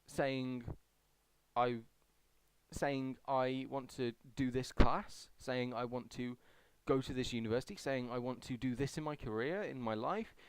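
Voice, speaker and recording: A man's voice: mid-range voice, a little slow, clean tone, dry recording. A young man vlogging casually as he answers a survey, chatty and rambling with self-deprecating asides. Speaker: YouTuber.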